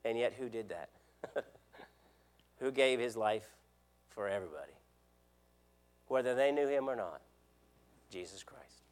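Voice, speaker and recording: Earnest preacher with surging loud emphasis. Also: male voice, medium pitch, animated, a little slow, pauses often. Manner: earnest, repeats words, asks the audience questions; swings between loud emphasis and quiet drops. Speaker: preacher and elder. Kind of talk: sermon.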